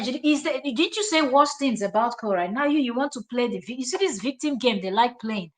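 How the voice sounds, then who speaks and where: A woman's voice: a little high, lively intonation, a little fast, a bit bright. A woman with a Nigerian accent hosting a live stream, reacting to clips in an emphatic, scolding, repetitive way.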